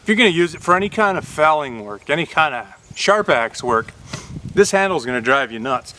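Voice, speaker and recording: Brief: folksy vlog host, man, slightly high voice, bright and forceful tone, plain-spoken. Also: animated, fairly quick. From Upper Michigan. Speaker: YouTube host reviewing an axe. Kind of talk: casual vlog talk.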